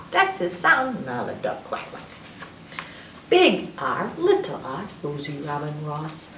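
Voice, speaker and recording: A woman reading an alphabet picture book aloud to children, with drawn-out letter sounds. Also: mid-range voice, very animated, a bit bright, echoey room, recorded from a distance, a little hiss or hum, low-quality recording. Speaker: librarian storyteller.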